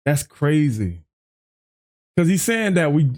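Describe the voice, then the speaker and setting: A man hosting a music reaction video, chatting excitedly, often restarting his sentences and quoting lyrics back. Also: mid-range voice, a little slow. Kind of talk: casual reaction commentary.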